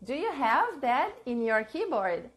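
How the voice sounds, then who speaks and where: A Portuguese-speaking woman with a Brazilian accent, an English teacher giving a live online lesson, repeating phrases slowly for learners and mixing in Portuguese. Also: high voice, very animated, a bit bright. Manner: switches between English and Portuguese.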